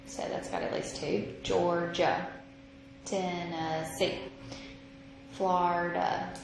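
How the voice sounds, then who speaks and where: Woman, math teacher, slow and patient, echoey noisy room recording. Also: on the low side, little pitch movement, vocal fry. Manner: slow, patient, thinking aloud. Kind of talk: recorded classroom lesson.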